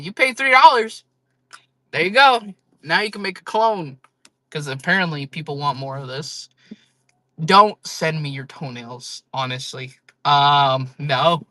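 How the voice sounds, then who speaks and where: A woman's voice: fairly low pitch, bright, forceful tone, no room sound. A woman chatting casually on a live-selling stream, joking, rambling and laughing often.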